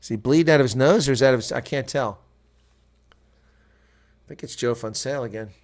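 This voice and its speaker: Excitable American man calling rugby live. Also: mid-range voice, fairly quick. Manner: excitable, jumps to loud shouts at big plays; chatty asides to viewers. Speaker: host. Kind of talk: live reaction play-by-play commentary.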